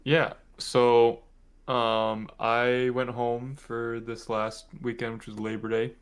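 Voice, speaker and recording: A man's voice: mid-range voice, monotone, slow pace, smooth. A young man from Michigan, co-hosting a podcast, telling a family story in a rambling, casual way full of "like" and "um". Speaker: podcast co-host.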